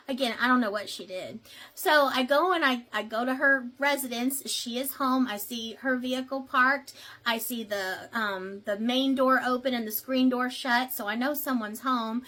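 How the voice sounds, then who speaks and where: A woman's voice: a little high, normal speed, pushed and bright. A woman process server telling a story casually in a chatty way, with many fillers and asides.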